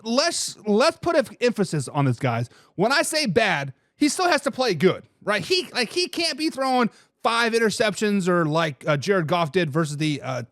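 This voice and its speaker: A man with a high, lively voice hosts a casual sports talk livestream, answering chat comments with bursts of excitement and casual swearing. The sound is close and dry, with no room around it. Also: no echo. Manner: animated, excitable, repeats lines.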